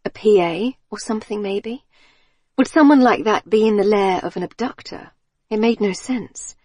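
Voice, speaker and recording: A woman narrating a novel in a calm, even storytelling manner. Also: medium pitch, moderate pace, slightly rough, no room sound, clean studio sound. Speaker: audiobook narrator. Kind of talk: scripted narration.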